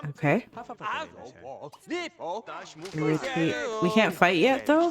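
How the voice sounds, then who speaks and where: A woman chatting through a life-sim game session, excitable and reactive. Her voice swings from low mutters up to high squeals whenever something surprising happens. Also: takes it slowly, pauses often, crowd noise. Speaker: let's play gamer. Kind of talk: casual game commentary.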